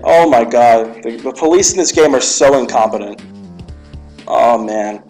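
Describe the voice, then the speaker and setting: Young male gamer, mid-pitched, animated commentary with light game music underneath. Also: unhurried, rough recording. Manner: animated and jokey, reads lines aloud with stumbles. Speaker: let's play host. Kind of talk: let's play commentary, reading and voicing the dialogue.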